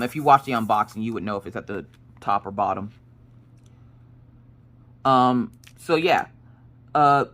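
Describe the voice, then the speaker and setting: A woman's voice: a bass voice, fairly bright tone. A woman in her thirties chatting casually while she crafts. She rambles and often corrects herself mid-sentence. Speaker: crafting streamer.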